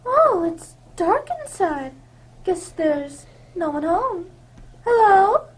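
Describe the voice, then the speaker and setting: A woman playing a sweet, gentle young princess who frightens easily, in a radio drama. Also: extremely high pitch, big pitch swings, slow, full character voice. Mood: sweet, wondering. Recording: loud background noise.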